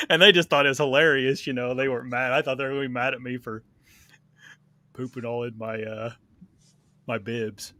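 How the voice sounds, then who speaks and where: Laid-back bright-voiced man telling stories. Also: mid-range voice, fairly even intonation, a little fast, no echo. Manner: laid-back, rambling, filler-heavy. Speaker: podcast co-host. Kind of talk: casual storytelling chat.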